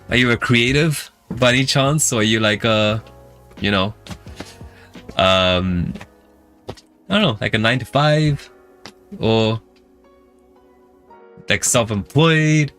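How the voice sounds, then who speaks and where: A man's voice: medium pitch, slow pace, pauses often, a bit bright. A man with a London accent, hosting a music channel and chatting casually with viewers in long rambling stories full of fillers. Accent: London English. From England. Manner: rambling, filler-heavy storytelling. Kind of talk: casual chat with live viewers.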